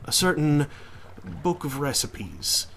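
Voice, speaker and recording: A man's voice: a little high, very animated, slow, creaky, a bit bright, slight background noise, full character voice. A man voicing an eager bandaged ship's chef. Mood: grandly earnest. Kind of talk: game text read aloud.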